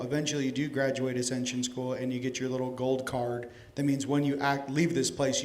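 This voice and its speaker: Animated, swearing man lecturing a crowd. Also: mid-range voice. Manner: animated, joking, profane, addresses the crowd directly. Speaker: conference speaker. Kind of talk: casual lecture to a live audience. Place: conference hall stage.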